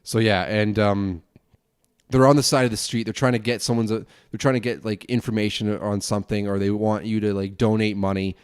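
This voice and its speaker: A young man hosting a casual solo podcast, rambling quickly with lots of restarts and swearing. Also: lowish voice, fairly even intonation, smooth, no room sound, clean studio sound. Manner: fast rambling talk, frequent swearing and restarts. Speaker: podcast host and broadcasting student.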